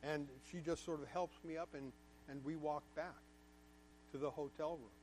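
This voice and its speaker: A man's voice: fairly high pitch, steady tone, moderate pace, a little mellow, a little hiss or hum. A man giving a candid, emphatic lecture to a class, telling a personal story and repeating words for stress. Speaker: guest speaker to a class.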